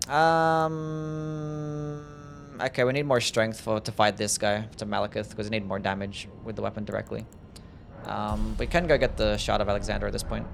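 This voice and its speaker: A man's voice: fairly low pitch, level tone, moderate pace, creaky, long pauses. A young man streaming a video game, chatting casually, swearing freely and answering his chat. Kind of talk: casual gameplay commentary. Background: game music.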